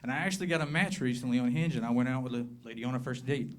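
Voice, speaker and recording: A man's voice: mid-range voice, rapid-fire. Southern American man doing stand-up. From southern Appalachia, USA. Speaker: stand-up comedian. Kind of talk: stand-up comedy set. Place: comedy club with live audience.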